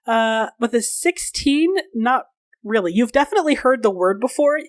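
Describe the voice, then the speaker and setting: A woman's voice: on the high side, animated, moderate pace, no room sound, studio quality. A woman narrating a tabletop game as game master in a casual way, with filler words.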